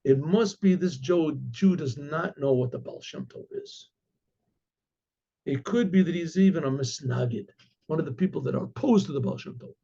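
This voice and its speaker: Rabbi storyteller, high husky voice, dull lo-fi recording. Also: male voice. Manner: animated, halting with restarts. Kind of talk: oral storytelling.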